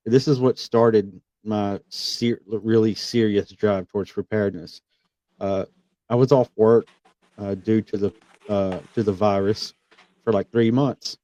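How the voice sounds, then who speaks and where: A man hosting a casual conversation, telling a personal story in an earnest way that grows animated as he retells events. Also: on the low side, no echo. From Missouri. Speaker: podcast host. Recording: slightly dull, lo-fi audio.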